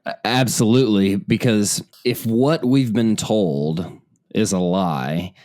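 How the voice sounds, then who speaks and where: A man with a lowish voice talking in a relaxed, conversational way. He agrees readily and builds his points through homespun examples. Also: takes it slowly. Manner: explains by analogy, agreeable, emphatic. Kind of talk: casual conversation.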